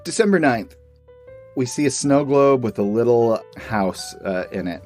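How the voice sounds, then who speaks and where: A man's voice: mid-range voice, normal speed, a little mellow. A man with a mid-range voice co-hosts a casual podcast. He teases with dry wit and reads comic strips aloud. Faint music sits behind him. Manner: wry, teasing humor. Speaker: podcast co-host.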